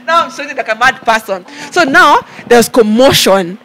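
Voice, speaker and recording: A woman with a Kenyan accent, an interview guest telling a personal story in an animated way, stumbling over many repeated words and restarts. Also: fairly high pitch, moderate pace. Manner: acts out her own past shouting in quotes.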